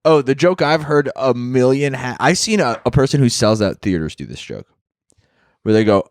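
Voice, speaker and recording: A man's voice: medium pitch, sing-song, moderate pace, no room sound, studio quality. A man co-hosting a comedy podcast, crude and joking in casual chat. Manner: crude, joking, tells stories with quoted bits. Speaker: podcast co-host.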